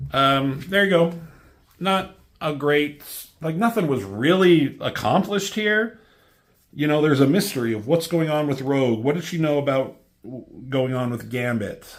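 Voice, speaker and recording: Offhand rambling male comic reviewer. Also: medium pitch. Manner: offhand, rambling, wry asides. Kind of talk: casual comic review, reading panels aloud.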